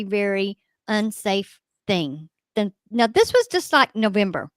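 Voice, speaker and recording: A middle-aged woman, a ghost hunter guest telling an emphatic, animated story in a radio interview. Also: on the high side, no room sound.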